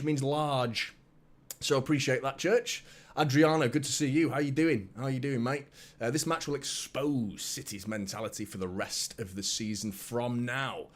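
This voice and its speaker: A man hosts a live football watchalong in excitable, chatty talk, greeting viewers by name and often repeating himself. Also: medium pitch. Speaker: fan channel host.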